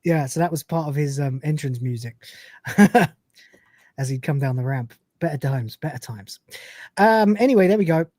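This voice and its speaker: A man's voice: fairly high pitch, lively intonation, moderate pace, mellow, no room sound. A man hosting a podcast, recapping a TV episode in a chatty, rambling way and laughing often. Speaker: podcast host.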